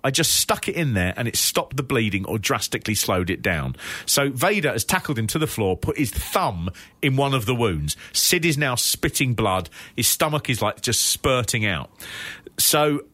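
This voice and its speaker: A man's voice: mid-range voice, moderate pace, no echo. A man co-hosting a podcast, telling a wild story in casual, laughing chat with swearing and acted-out quotes. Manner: animated, laughing, swearing, acts out quoted voices. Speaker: podcast co-host.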